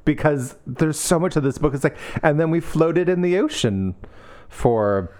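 Lively, sarcastic man podcast host. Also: on the high side, moderate pace. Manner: sarcastic, animated asides. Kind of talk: casual chat.

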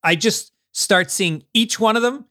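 A man, a comedian guest on a podcast, telling a story in relaxed casual chat with quick asides. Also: sits high, no room sound, clean studio sound.

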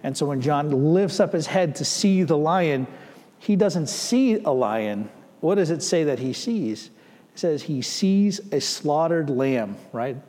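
A man preaching a sermon in a fairly high voice, the words trailing off into a long hall reverb. He checks in with the congregation through rhetorical questions and slows right down to press home key phrases. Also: lively intonation, warm tone. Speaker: pastor.

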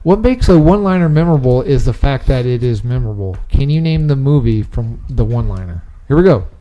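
A man's voice: medium pitch, fairly quick, highs cut off. A man hosting a casual movie quiz among friends, reading out clues playfully. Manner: animated, reads clues playfully. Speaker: quiz host.

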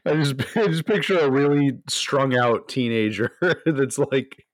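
A man's voice: mid-range voice, measured pace, no room sound. A man playing a story game, joking and amused in casual chat. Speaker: player.

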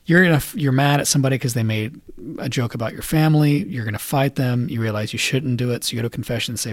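Quick-talking priest retelling a story. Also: male voice, medium pitch, dry recording. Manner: conversational, animated retelling with fillers. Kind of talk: casual retelling and teaching.

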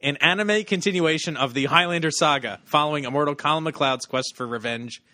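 A man's voice: a little high, fairly quick, pushed and bright, no echo. A man hosting a casual podcast, reading out descriptions and chatting with laughs. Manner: reads descriptions aloud with laughs. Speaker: podcast host.

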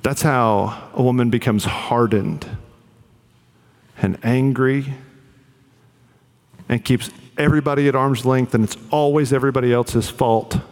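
A man's voice: mid-range voice, fairly even intonation, unhurried, long pauses, a little mellow. Earnest preacher man in a reverberant hall. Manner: earnest, conversational preaching with fillers. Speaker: pastor. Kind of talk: sermon.

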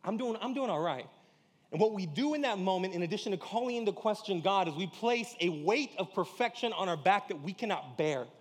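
Pastor guy preaching, slangy and casual, acts out little dialogues, kinda high voice, echoey church hall. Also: animated, a little fast, hardly any pauses. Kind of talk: sermon.

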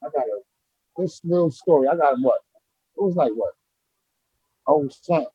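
High-voiced New man telling stories. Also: moderate pace, husky, no echo, muffled recording. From Brooklyn, New York. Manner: animated, slangy, rambling street talk. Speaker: interview guest, former street basketball player. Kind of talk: casual storytelling interview.

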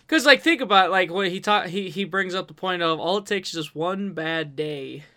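A man's voice: high voice, moderate pace, bright, forceful tone. A man in casual chat, animatedly retelling scenes with frequent stumbling restarts. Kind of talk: casual chat about a comic book.

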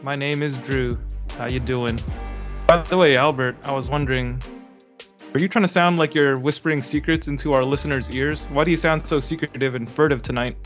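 A man's voice: medium pitch, fairly even intonation, fairly quick, faint music behind. A man co-hosting a casual comics podcast, joking and teasing his partner in friendly banter. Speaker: podcast co-host. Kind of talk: casual chat.

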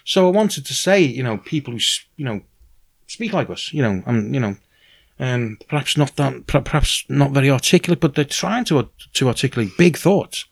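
A Welsh man in a casual interview, talking about his writing with lively, earnest enthusiasm. His voice sits at a middle pitch, and he often restarts his sentences. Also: moderate pace, creaky. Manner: lively and earnest, many restarts and "you know"s. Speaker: novelist guest.

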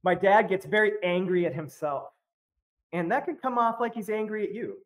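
A man with a fairly high voice for his sex chats as a podcast guest. He tells a loose, rambling story packed with fillers and laughter. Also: normal speed, a bit bright. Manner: rambling, filler-heavy, laughs often while telling. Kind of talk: casual storytelling chat.

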